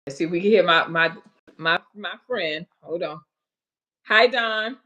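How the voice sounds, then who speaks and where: A woman hosting a casual livestream, chatting straight to her viewers with folksy asides and haltingly reading out health facts between comments. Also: lowish voice, pushed and bright, dull audio. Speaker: livestream host.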